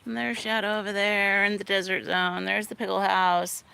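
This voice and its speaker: A young woman's medium-pitched, gravelly voice barely moves in pitch as she speaks at a moderate pace over a noisy background. She's a vlogger rambling through a backyard tour, full of "like" and "you know," frequently chatting with her animals outdoors.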